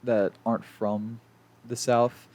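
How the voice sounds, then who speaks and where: A man's voice: mid-range voice, level tone, takes it slowly, darkish tone. A young man from South Carolina co-hosting a podcast, speaking hesitantly with many restarts in a casual chat. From South Carolina, USA. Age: young adult. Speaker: podcast co-host.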